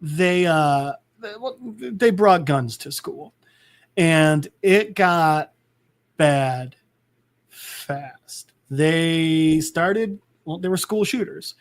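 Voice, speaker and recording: Man, podcast host, rambling comic recap, somewhat higher voice, lots of restarts. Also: drawn-out words. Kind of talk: casual comic book recap.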